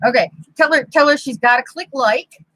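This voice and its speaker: Husky-voiced middle-aged woman, chatty. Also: high voice, normal speed, fairly bright tone, dry recording, poor audio. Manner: chatty, teasing, playfully scolds kids. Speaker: craft channel host. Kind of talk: casual live-stream chat while crafting. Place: home craft room, indoors. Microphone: computer mic on the desk.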